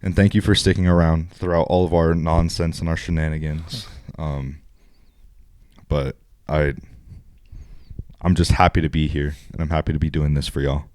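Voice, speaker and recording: A young man co-hosting a casual podcast, speaking earnestly and a little haltingly. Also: a bass voice, flat delivery, a little mellow, no room sound. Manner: earnest, heartfelt, a bit halting. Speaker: podcast co-host. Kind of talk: casual chat.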